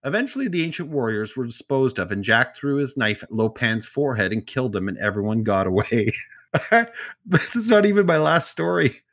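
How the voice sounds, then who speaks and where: A man in an easygoing podcast chat, retelling a strange tale at a middle pitch. His delivery is loose and conversational, with side remarks and jokes woven between the facts. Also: sing-song, moderate pace, fairly bright tone. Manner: summarizes stories loosely with asides and jokes. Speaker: podcast co-host telling stories. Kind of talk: casual storytelling chat.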